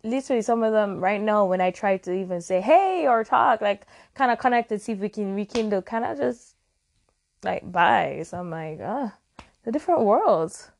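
A young woman from Jamaica hosts a solo podcast in an easy, conversational tone. Her talk meanders and turns reflective, and she often stops to correct her own words mid-thought. Her pitch sits in the middle range for a woman. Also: a little fast, few pauses. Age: early 20s. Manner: rambling, reflective, self-correcting. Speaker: podcast host. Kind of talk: casual solo podcast monologue.

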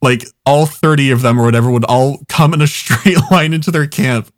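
A young man in casual chat, spinning a rambling anecdote full of fillers and swearing. His voice sits at an ordinary middle pitch. It is recorded close and dry, with no room sound. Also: brisk, no room sound. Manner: rambling, swears often, laughs at his own stories.

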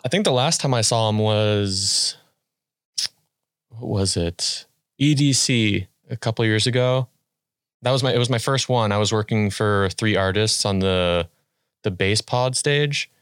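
A young man hosting a casual podcast, telling stories in an easygoing way with quick bursts. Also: on the low side, a bit bright, clean tone, no room sound, studio quality. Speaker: podcast host.

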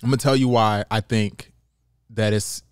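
A man's voice: lowish voice, steady tone, moderate pace, clear, resonant tone, dry recording, clean studio sound. A man co-hosting a sports podcast, arguing his point emphatically between laughs. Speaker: podcast co-host. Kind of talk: casual sports chat.

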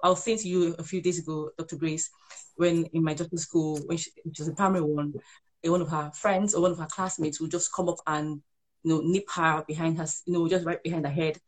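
On a live show, a parent and author with a low-pitched, level voice offers earnest parenting advice at a fairly quick pace. Her delivery is conversational, and she often repeats herself while explaining.

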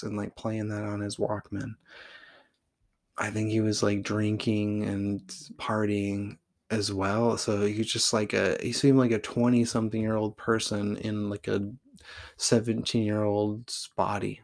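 Podcast host, man, 30s, from Oregon; rambling, profane, casual storytelling with a gravelly low voice. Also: little pitch movement, unhurried, a little mellow. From Oregon, USA. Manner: rambling, fills with "like" constantly, blunt and profane.

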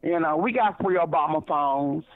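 A woman's voice: deep voice, moderate pace, no room sound. A woman caller from Kansas City, Missouri, talks in a loose, rambling way, stammering and repeating herself as she goes. Her voice comes through a thin, tinny phone line with no room sound around it. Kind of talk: radio call-in chat.

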